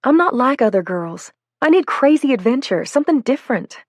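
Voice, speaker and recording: A woman's voice: sits high, very animated, brisk, dry recording, voice pushed up. A woman voicing a torn young woman who speaks in a raised, emotional voice on the edge of tears. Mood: anguished. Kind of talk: audiobook character voice.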